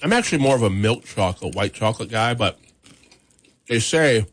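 A man's voice: lowish voice, animated, a little fast. A man hosting a morning radio show, chatty and upbeat, often laughing. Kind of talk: casual radio banter. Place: radio studio.

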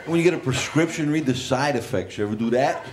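Lively-voiced man telling stand-up jokes. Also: mid-range voice, fast. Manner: storytelling, deadpan one-liners. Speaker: stand-up comedian. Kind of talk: stand-up comedy set. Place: comedy club in front of a live audience. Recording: live club recording with loud crowd noise.

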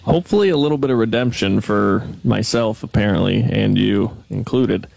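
Gravelly, dark-voiced male producer. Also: lowish voice, normal speed, faint music behind. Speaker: video producer. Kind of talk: casual studio chat.

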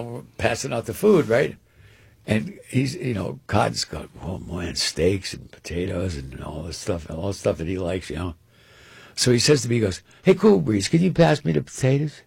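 A man telling a long anecdote on a radio show in an animated, rambling way, often repeating words. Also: on the low side, normal speed, creaky, slightly rough. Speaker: guest storyteller.

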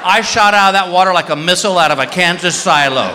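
Bright lively stand-up guy, big pitch swings, reverby hall. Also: fast talker, few pauses, slight background noise. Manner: animated, shouting bits and sound effects. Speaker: stand-up comedian. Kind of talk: stand-up storytelling. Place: comedy stage before a live audience. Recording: live hall reverb, faint ambience.

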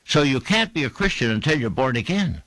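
A man's voice: medium pitch, very animated, a little fast, a bit bright, dry recording. A man preaching a fervent sermon, quoting scripture in emphatic, rhythmic bursts. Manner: fervent, emphatic preaching with King James quotations.

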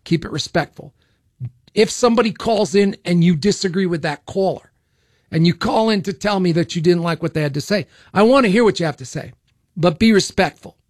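A man hosting political talk radio, his voice pitched a bit high for a man. He talks in a blunt, opinionated way, stumbling and repeating words as he goes. The studio sound is close and dry. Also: a little fast, dry recording. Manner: blunt, opinionated, repeats himself with frequent restarts. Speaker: radio talk show host. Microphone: studio microphone.

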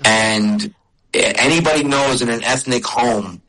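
A middle-aged man talking casually in an interview with a bright, forward voice. He tells stories in a chatty way, often restarting his sentences. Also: mid-range voice, unhurried, soft background music, rough recording. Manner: storytelling, chatty with restarts and laughs. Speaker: comedian and video creator.

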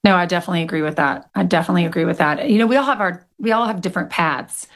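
A woman's voice: lowish voice, rapid-fire. A woman being interviewed about her children's book, speaking in an earnest, candid and talkative way. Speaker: guest author of a children's book. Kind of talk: conversational interview.

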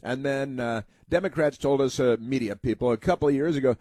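An American man hosts a talk radio monologue in a rambling, filler-heavy way, now and then mocking others in put-on voices. His voice sits at an ordinary pitch, recorded dry and close with no room around it. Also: a little fast, warm tone, dry recording. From United States.

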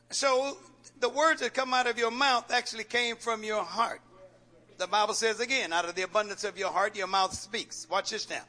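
Preaching a sermon, this pastor has a high-pitched, sharp tone. He peppers it with folksy jokes, repeats phrases, and calls out questions for the congregation to answer.

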